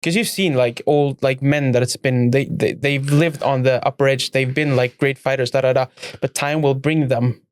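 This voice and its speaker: A man co-hosting a podcast in casual chat, slow and musing, laughing easily. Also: mid-range voice, steady tone, no room sound, studio quality. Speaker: podcast co-host.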